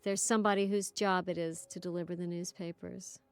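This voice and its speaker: A woman's voice: fairly low pitch, level tone, fairly quick, smooth, soft background music. A woman director giving a film commentary, telling anecdotes and laughing often.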